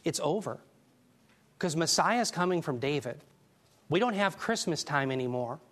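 Man, pastor teaching a class, emphatic, animated, fairly high voice. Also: moderate pace. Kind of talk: sermon.

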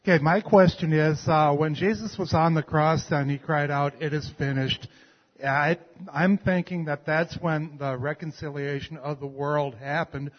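A man's voice: a little high, steady tone, normal speed. A man in a Bible class asking an earnest question. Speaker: class participant. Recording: muffled, echoey room.

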